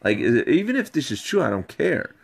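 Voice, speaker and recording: A man in a played clip tells a rambling personal story, animated and repetitive. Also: medium pitch, a little fast, gravelly. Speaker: video subject ranting about an ex.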